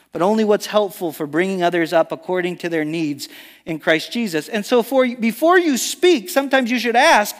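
Male pastor with a raised pitch, emphatic preaching sermon style, recorded with long church-hall reverb. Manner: earnest preaching with emphatic stresses and frequent restarts. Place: church sanctuary.

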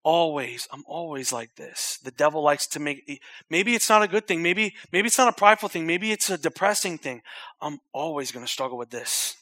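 A man's voice: a little high, moderate pace, few pauses, dry recording. Impassioned male preacher, dry close voice. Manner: swings from loud urgent repetition to hushed near-whispered intimacy. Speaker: pastor. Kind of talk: sermon.

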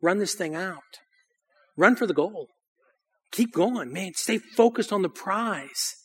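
A man preaching a sermon, telling a story in a lively, casual way. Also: sits high, slow pace, slightly rough. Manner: lively and casual, often says "dude".

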